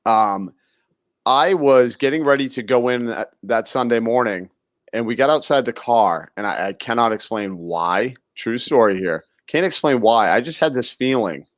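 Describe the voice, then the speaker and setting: A man in a relaxed podcast chat who meanders through his stories and circles back over his own words. His voice sits at an ordinary middle pitch and sounds close and dry, with hardly any room around it. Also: moderate pace, no room sound. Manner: easygoing, rambling with restarts and laughs. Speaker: co-host.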